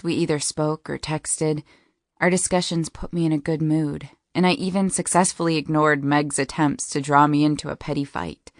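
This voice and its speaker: A woman's voice: low voice, dry recording, clean studio sound. A woman narrating a first-person romance audiobook in a wry, intimate storytelling manner.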